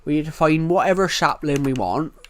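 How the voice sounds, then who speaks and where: A man's voice: a little high, a little fast, fairly bright tone. Rambling British man streaming a game. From United Kingdom. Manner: rambling, repeats himself, narrates each move. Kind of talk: live gameplay commentary.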